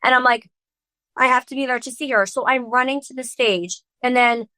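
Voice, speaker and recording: A woman's voice: on the high side, moderate pace, pushed and bright, no room sound. A woman in her thirties, a podcast host, recounting a chaotic story in casual chat, full of swearing, fillers and acted-out quotes.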